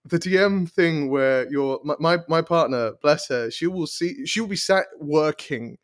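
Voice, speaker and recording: A man chats on a casual podcast, full of enthusiasm and tripping over his own words as he goes. His speaking voice sits a little higher than usual for a man. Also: a little slow. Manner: enthusiastic, stumbling restarts. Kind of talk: casual chat.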